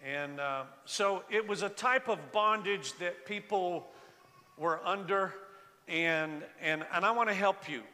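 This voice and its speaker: An older male pastor preaches in a church sanctuary, engaging the congregation, asking them to raise their hands, and frequently restarting his sentences. His voice sits high and is pushed and bright, his pace a little slow, and the sound carries the echo of a big room.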